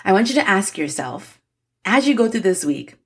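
A woman's voice: mid-range voice, sing-song, normal speed, husky. A woman in her forties hosting a podcast, talking earnestly and emotionally to her listeners with encouragement and frequent laughs. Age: 40s. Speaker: podcast host. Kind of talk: motivational podcast monologue.

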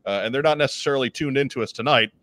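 A man hosting a live talk show, steering the talk with relaxed, dry joking. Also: medium pitch, very fast. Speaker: host.

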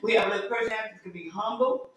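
A woman's voice: on the high side, very fast, a bit bright, a little hiss or hum. A woman teaching a Sunday school lesson in a conversational, folksy way, now and then acting out the voices of the people in her stories. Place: church room. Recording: very echoey room, voice from far off.

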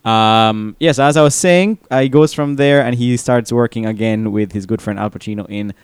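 A man co-hosting a casual film podcast, talking in a relaxed, agreeable way. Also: medium pitch, normal speed, smooth, no room sound. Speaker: podcast co-host.

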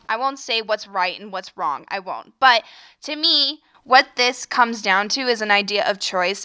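A woman's voice: mid-range voice, bright, forceful tone, clean tone. A young woman hosting a solo podcast, giving earnest, opinionated commentary and often stopping to restart or correct herself. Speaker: podcast host.

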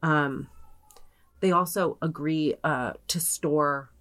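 A woman's voice: low-pitched, fairly even intonation, takes it slowly, a bit bright. A young adult woman co-hosting a podcast, casually retelling a story, peppering it with "like" and quoting people in her own voice. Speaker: podcast co-host.

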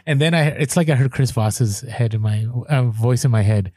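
In clean studio sound with no room sound, a man with a mid-range voice chats casually at normal speed with few pauses. He animatedly tells a story, playing the people in it, his voice leaping up whenever he gets exasperated.

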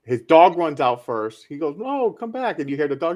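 A man's voice: on the high side, moderate pace, muffled recording. Profane man retelling a slasher movie. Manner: profane, animated retelling of scenes. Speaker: podcast co-host. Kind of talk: casual movie review chat.

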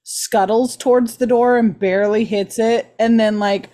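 A woman's voice: fairly high pitch, fairly even intonation, a little slow, dark tone. A woman co-hosting a podcast, chatting casually and amused about a film scene. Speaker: podcast co-host.

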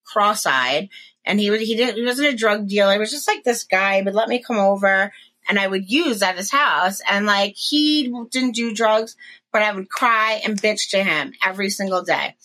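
Bright-voiced woman telling a frank story. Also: mid-range voice, moderate pace, low-quality recording. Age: 40s. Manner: candid, profane, rambling with restarts. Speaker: podcast co-host. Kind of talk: casual chat, personal storytelling.

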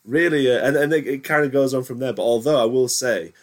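A man's voice: mid-range voice, fast. A man hosting a podcast in casual chat, rambling with many restarts and fillers. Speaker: podcast host.

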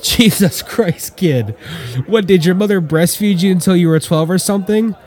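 A man's voice: sits high, moderate pace, a little mellow, voice pushed up, natural voice. A man voicing a jeering, cynical veteran male bomber lieutenant. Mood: mocking.

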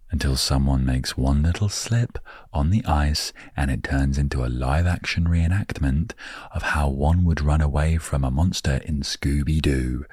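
An Englishman hosting a relaxed storytelling podcast, rambling playfully with jokey asides into a close microphone. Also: extremely low pitch, no echo. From England. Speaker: podcast host.

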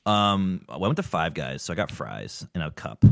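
Man, podcast co-host, very deep voice, giggly rambling, self-deprecating. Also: sing-song, normal speed, creaky, fairly bright tone, no echo. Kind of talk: casual podcast chat.

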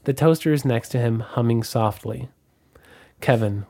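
A man's voice: mid-range voice, moderate pace, dark tone, dry recording, clean studio sound. A man co-hosting a casual podcast, narrating a silly story with laughs and joking asides. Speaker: podcast co-host. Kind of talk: casual podcast chat, reading a story aloud.

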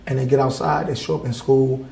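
A man's voice: mid-range voice, flat delivery, brisk, gravelly, warm tone, echoey room, slight background noise, low-quality recording. A male artist from Wisconsin talking in a casual interview in an art gallery, blunt and heated, swearing freely. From Wisconsin, USA. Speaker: artist guest.

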